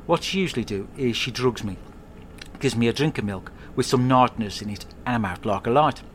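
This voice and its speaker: A man rambles through a comic monologue at home, swearing and keeping a deadpan tone. His pitch sits in an ordinary middle range. Faint ambient noise lingers behind him. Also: a little fast. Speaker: podcast host.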